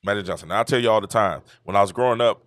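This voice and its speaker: A man from Georgia, hosting a casual sports talk stream and telling stories in an animated, repetitive way. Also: fairly low pitch, very fast, no room sound, studio quality. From Georgia, USA. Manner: animated, repetitive storytelling with laughs. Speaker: show host. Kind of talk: casual commentary livestream.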